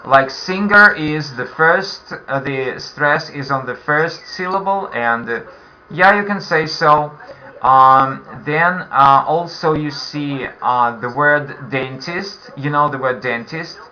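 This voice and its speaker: This man's voice sits on the high side, slow yet pushed and bright, with a Russian accent. He's teaching beginners English online and patiently repeats questions for them, heard through dull, lo-fi call audio.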